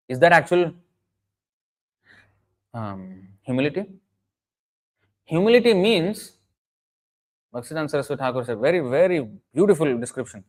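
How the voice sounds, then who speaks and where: A man's voice: a little high, expressive, a little fast, pauses often, low-quality recording. Earnest man preaching. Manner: emphatic, earnest, with frequent restarts and chanted Sanskrit verses. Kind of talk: sermon lecture.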